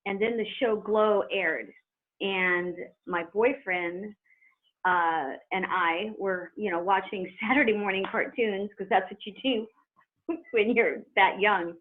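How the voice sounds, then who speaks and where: A middle-aged woman, a former wrestler, telling her story as a guest in an animated, chatty way with laughs. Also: mid-range voice, slow pace. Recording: tinny phone line.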